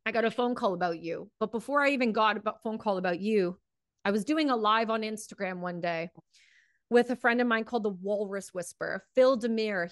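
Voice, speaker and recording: This podcast host speaks in a mid-range voice, captured in studio quality without echo. She pours out fiery, passionate commentary and swears freely, then moves into an interview with her guest.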